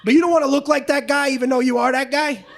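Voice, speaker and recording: A man doing a stand-up comedy set on a club stage, loud and profane, acting out both sides of arguments. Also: very high voice, steady tone, fast talker, gravelly. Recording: live club recording with audience noise.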